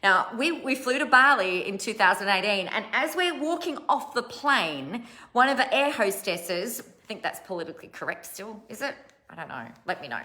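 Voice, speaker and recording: Middle-aged woman, business coach, crisp bright tone, chatty, self-mocking, often laughing mid-sentence. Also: mid-range voice, sing-song, normal speed. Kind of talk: casual livestream talk to followers.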